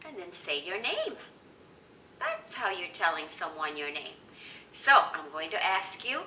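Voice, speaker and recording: A woman's voice: mid-range voice, sing-song, bright, forceful tone, far from the mic, slight background noise. Sing-song woman teacher in echoey room. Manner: slow, sing-song, exaggerated prompts for repetition. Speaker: children's Spanish teacher. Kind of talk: lively teaching to children. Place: indoor room, teaching with picture cards.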